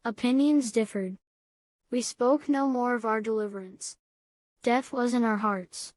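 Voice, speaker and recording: A woman's voice: fairly high pitch, unhurried, a little mellow, dry recording. Woman reading a classic novel aloud. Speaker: audiobook reader.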